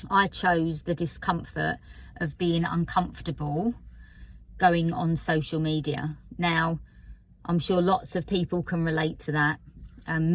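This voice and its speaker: A woman in her fifties from Essex, speaking with an Essex accent in a candid, hesitant personal vlog with many pauses and fillers, sounding a little nervous. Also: low-pitched, poor audio. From Essex, England. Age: 50s. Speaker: vlogger.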